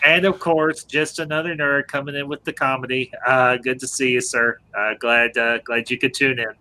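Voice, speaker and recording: A man's voice: mid-range voice, flat delivery, normal speed, pushed and bright. A man hosting a casual live-stream review chat, joking around, laughing often and greeting viewers.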